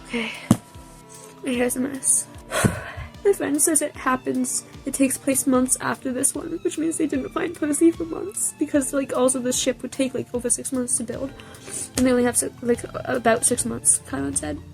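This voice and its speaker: Young woman vlogger reading a book, emotional, gravelly voice, faint music behind. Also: high-pitched, fairly even intonation, normal speed, a little mellow. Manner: tearful, emotional. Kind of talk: reading a novel aloud with reactions.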